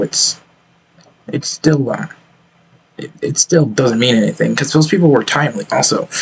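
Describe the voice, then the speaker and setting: Gravelly-voiced streamer, blunt and profane, ranting reactions to clips. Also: male voice, mid-range voice, a little hiss or hum, poor audio. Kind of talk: reaction commentary.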